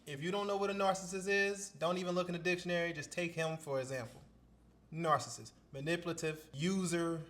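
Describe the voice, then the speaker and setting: A man giving casual reaction commentary, blunt and loud, with swearing. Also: on the high side, steady tone, a little fast. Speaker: reaction host.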